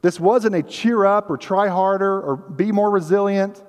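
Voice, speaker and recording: In a church sanctuary with long, hall-like reverb, a pastor delivers his sermon at a moderate pace in a voice that sits high. His tone is earnest yet conversational, and now and then he performs the voices in the story.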